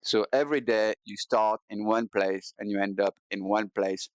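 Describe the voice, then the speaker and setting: On the low side with fairly even intonation, a man talks at normal speed in a clean, echo-free tone. Streaming a video game, he rambles casually and jokes about himself in a playful, self-mocking manner, all captured through a cheap headset with dull lo-fi audio.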